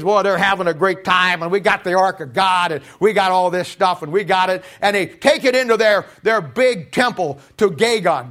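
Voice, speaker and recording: High-pitched man, animated preacher, loud bursts and quiet asides. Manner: animated, swings from shouting to quiet asides, laughs at his own jokes. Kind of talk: sermon with storytelling.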